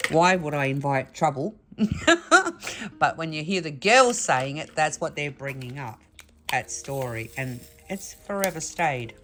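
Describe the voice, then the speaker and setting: A middle-aged woman hosting a craft vlog, telling a funny story to camera in a chatty, laughing way. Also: low-pitched. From Australia. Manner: chatty, laughing, animated retelling. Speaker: craft channel host.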